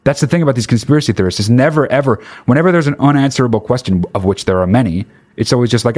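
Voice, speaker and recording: A man ranting with sarcasm and heavy swearing, mocking others in high put-on voices. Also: very fast, darkish tone. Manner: angry, sarcastic, swears a lot. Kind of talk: profane ranting monologue.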